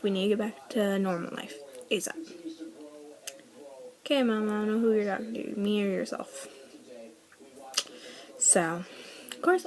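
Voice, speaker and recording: Poor audio carries a medium-pitched, darkish female voice. The speaker, eighteen, vlogs a casual personal story that wanders, full of "like," and she whispers whatever lines she quotes.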